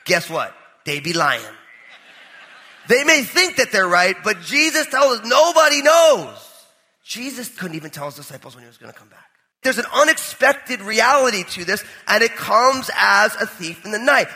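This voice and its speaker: A high, bright male pastor from New with a husky edge, preaching in a conversational, joking storyteller's manner. His voice rings out with a long reverb in a large church hall. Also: very animated, normal speed. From New Jersey. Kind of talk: sermon with personal storytelling.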